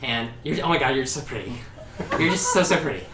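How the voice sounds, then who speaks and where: A man playing a giggly, effusive young woman in a fantasy game, her voice bright and lively. It sounds roomy and a little distant, with noise behind. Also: mid-range voice, a little fast, natural voice. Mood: gushing. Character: bubbly, gushing young woman.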